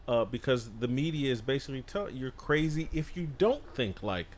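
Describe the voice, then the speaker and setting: A male guest commentator speaks at a middle pitch in a podcast studio. His opinions come out as emphatic, punchy declarations. He delivers them with firm conviction. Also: expressive, a little fast, a little hiss or hum. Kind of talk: opinionated panel discussion.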